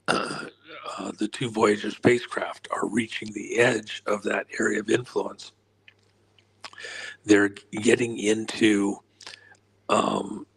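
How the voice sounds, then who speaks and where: Hoarse, gravelly-voiced man, slow rambling. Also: fairly low pitch, rough recording. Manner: frequent throat clearing and filler pauses. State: losing his voice, hoarse. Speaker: guest. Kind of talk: rambling explanatory interview answer.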